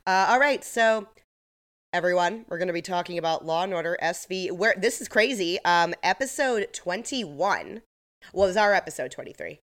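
Podcast co-host, woman, 30s, low-pitched, rambling casual chat. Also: fairly bright tone. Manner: chatty, rambling, quick to laugh.

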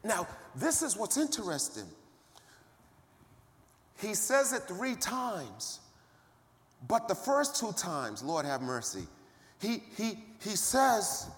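An older man preaching a sermon in a high, bright voice. He speaks slowly, calls out to his congregation and builds to shouting. The sound rings out with the long reverb of a big hall. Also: very animated.

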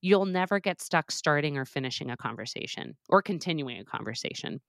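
Low-voiced woman in her forties. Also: fairly quick, vocal fry, no echo, clean studio sound. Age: 40s. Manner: animated, explains with quoted examples. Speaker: guest, professor and author. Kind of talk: conversational interview.

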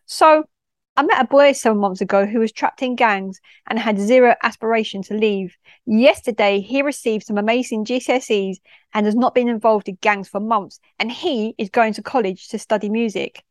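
A woman tells a personal story from her work as a school mentor, heartfelt and expressive, dropping local slang. Her voice sits a little high. The recording is close and dry, with no room sound. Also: normal speed, dry recording.

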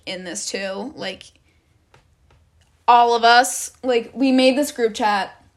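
Talking straight to her audience, a young vlogger rambles through a loose storytime, stringing thoughts together with constant "like"s and casual swearing. Her voice sits a little high and sounds a bit bright.

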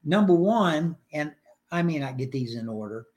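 A man's voice: on the high side, lively intonation, moderate pace, darkish tone. An older man sharing his personal faith story in a podcast interview, earnest and emotional, acting out his prayers.

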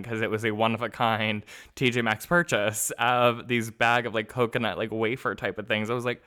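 A young man co-hosting a casual podcast, animated and rambling as he acts out his own dialogue and laughs often. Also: mid-range voice, a little fast, smooth. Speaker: podcast co-host. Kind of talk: casual chat.

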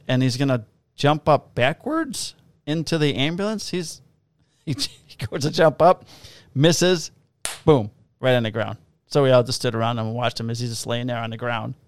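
A man's voice: medium pitch, clean tone, no echo. A man, a police officer, casually telling profane, laughing stories about his shifts. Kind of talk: casual storytelling on a podcast.

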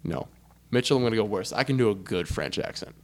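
A young man co-hosting a podcast, chatting casually about sports with an animated, joking manner and frequent asides. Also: on the low side, quick pace, crowd noise. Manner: animated, laughing, trailing off into asides. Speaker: podcast co-host.

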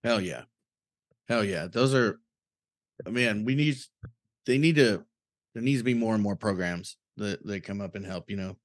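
A man's voice: fairly low pitch, moderate pace, pauses often, no echo, clean studio sound. A man hosting a podcast in loose, profane, laid-back conversation. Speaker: podcast host. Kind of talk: casual podcast chat.

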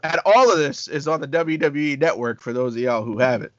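A man co-hosting a casual talk show, telling stories in a lively way and acting out quotes with laughter. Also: a little high, brisk, dry recording, highs cut off. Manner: animated, acts out quotes with laughter. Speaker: podcast co-host. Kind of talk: casual storytelling chat.

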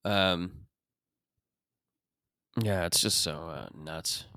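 A man from Canada riffs through a rambling, profane comic monologue, leaning on loose fillers as he goes. His voice is low and smooth. It is recorded dry and close. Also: very slow, pushed and bright, dry recording. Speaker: podcast host. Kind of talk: comedic monologue.

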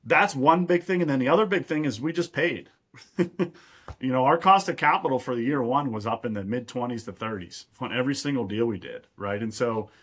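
A man's voice: medium pitch, a little fast, fairly bright tone, husky. A man from Pittsburgh, a real estate investor, explaining at length as a guest in a podcast interview and often checking in with "right?". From Pittsburgh, USA.

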